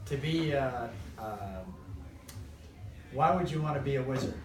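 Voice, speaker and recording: A man's voice: medium pitch, lively intonation, unhurried, far from the mic. A man in casual chat who keeps asking questions and steering the talk back, heard from afar. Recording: echoey room from afar with noise.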